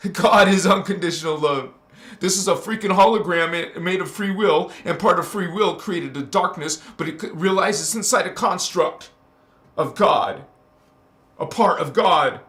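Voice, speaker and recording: A man's voice: on the high side, a bit bright, echoey room. A man giving a spiritual teaching monologue, preaching in an emphatic, repetitive way.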